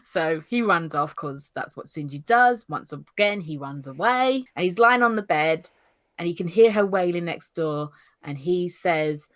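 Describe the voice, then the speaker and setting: A woman co-hosting a casual review podcast, retelling an episode in a chatty, giggly, animated way. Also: fairly low pitch, unhurried. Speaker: podcast co-host, newbie reviewer.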